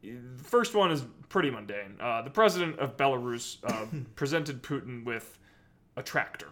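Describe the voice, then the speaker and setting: A man's voice: mid-range voice, expressive, normal speed, fairly bright tone. Laid-back man riffing on a podcast. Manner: laughs often, crude jokes, rambling with fillers. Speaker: podcast co-host. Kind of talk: casual podcast banter.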